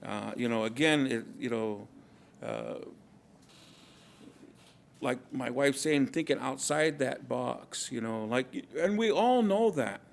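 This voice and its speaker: A man speaking at a conference in a reflective, halting way, often repeating words and using many fillers. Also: medium pitch, animated, gravelly, a little hiss or hum. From Kumeyaay community, Southern California. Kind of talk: casual, reflective talk.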